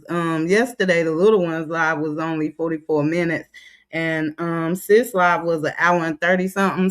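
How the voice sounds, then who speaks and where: Chatty woman greeting her livestream viewers. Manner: chatty, drawn-out greetings, drops low when reading comments aloud. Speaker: livestream host.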